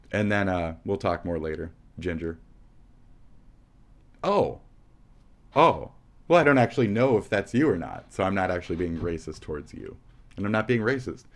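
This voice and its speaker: American man, low voice, profane livestream host in a heated rant. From United States. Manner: heated, profane, insulting chat.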